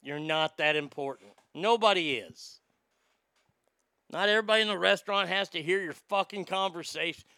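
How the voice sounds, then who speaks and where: A man's voice: high-pitched, bright, forceful tone, clean tone, dry recording, clean studio sound. A man hosting a comedy podcast, ranting bluntly and profanely while answering listener mail. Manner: blunt, swearing, riffing storyteller. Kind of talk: profane comedic advice rant.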